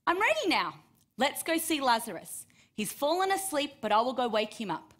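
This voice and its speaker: A woman voicing Jesus as a calm, gentle grown man who speaks softly and reassuringly. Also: fairly high pitch, a little slow. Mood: brisk.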